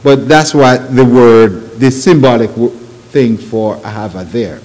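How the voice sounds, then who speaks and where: Slow, lively preacher man in a hall. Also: medium pitch. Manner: non-native grammar, emphatic rising phrases and rhetorical questions. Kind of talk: sermon. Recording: long hall reverb.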